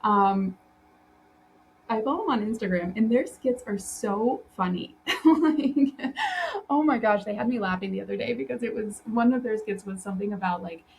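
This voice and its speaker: A woman's voice: mid-range voice, normal speed, creaky, darkish tone, a little hiss or hum, low-quality recording. A woman hosting a solo podcast, talking loosely with lots of fillers and restarts and often breaking into laughter. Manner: laughs often while telling stories. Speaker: podcast host and interior design business coach.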